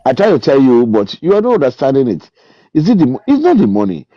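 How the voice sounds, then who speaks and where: An older man with a Nigerian accent calling into a live stream, speaking haltingly and trailing off into restarts. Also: mid-range voice, wildly swooping pitch, no room sound. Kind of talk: casual live-stream argument. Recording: muffled lo-fi call line.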